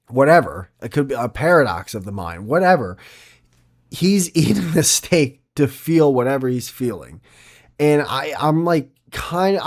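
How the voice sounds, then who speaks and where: A man's voice: on the high side, darkish tone. Rambling, swearing podcast man. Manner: rambling, profane, self-mocking. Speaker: podcast host. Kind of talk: solo podcast monologue.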